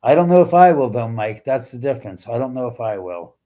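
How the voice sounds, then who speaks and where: A livestream host answers viewers from his home, swearing and exclaiming freely. His voice is mid-range and mellow, very animated, and a little fast.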